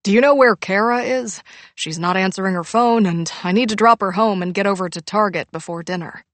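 A woman voicing a cheerful middle-aged father who speaks brightly and loudly, with brisk heartiness. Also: high-pitched, no room sound.

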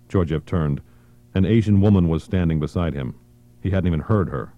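A man reading a thriller audiobook in a measured, even narration. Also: sits low, dry recording, lo-fi sound.

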